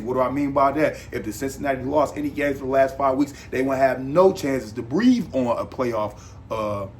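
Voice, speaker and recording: In a casual monologue, a male podcast host rambles emphatically and repeats himself. His voice is medium-pitched, with a little hiss or hum in the background.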